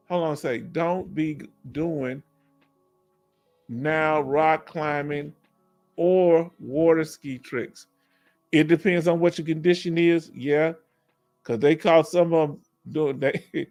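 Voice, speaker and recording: A man from Houston with a Texas accent, hosting a casual livestream Q&A through a headset, animated and laughing often with folksy slang. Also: a little high. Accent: Southern US, Texas. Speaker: livestream host reading chat.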